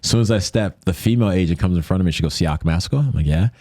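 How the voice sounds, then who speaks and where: A man telling a story casually as a guest, animated, acting out quotes in a higher voice. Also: racing, no echo.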